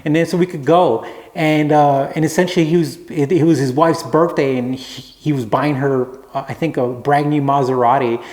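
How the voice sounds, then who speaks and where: A man telling a rambling, relaxed anecdote to camera as a vlogger. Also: a little high, moderate pace, few pauses, roomy sound. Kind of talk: casual storytelling to camera.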